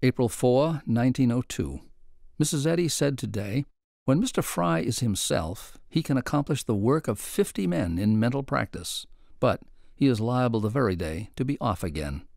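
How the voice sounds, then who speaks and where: Man, gravelly voice, reading a diary, dry close sound. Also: mid-range voice, expressive, normal speed, a little mellow, dry recording.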